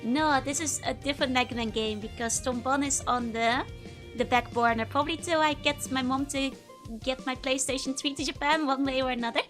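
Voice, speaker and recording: A young woman with a high voice chats bubbly and giggly on a live game stream, greeting viewers one after another. Her close mic sits over faint game music in the background. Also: fairly even intonation, brisk, a bit bright. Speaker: VTuber streamer. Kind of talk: casual live-stream chat.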